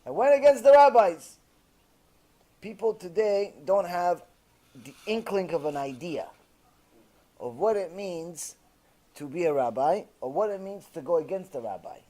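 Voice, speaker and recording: High-pitched rabbi man telling a story in a sermon, fired up, lots of uhs. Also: animated, unhurried, warm tone. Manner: impassioned, many fillers.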